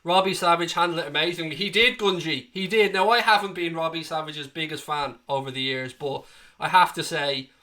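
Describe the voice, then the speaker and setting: Man, live stream host, slightly high voice, passionate rant, swearing, tickly cough. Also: a little fast, pushed and bright. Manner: passionate, ranting, swears freely. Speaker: fan channel host. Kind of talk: live stream chat, reading viewer comments.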